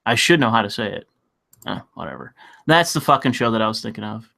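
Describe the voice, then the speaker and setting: A man talks casually to his stream chat with a bright, forward voice. He rambles, swears freely and laughs along as he goes. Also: fairly low pitch, sing-song, fast talker, creaky. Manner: rambling, profane, laughs often. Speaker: livestream host.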